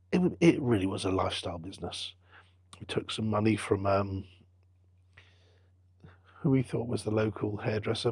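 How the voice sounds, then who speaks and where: A middle-aged man, a business founder telling his story in an interview with lively quoted dialogue. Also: mid-range voice, slightly rough, no room sound. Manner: chatty anecdotal storyteller, acts out quoted dialogue. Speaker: business founder and football club owner, guest.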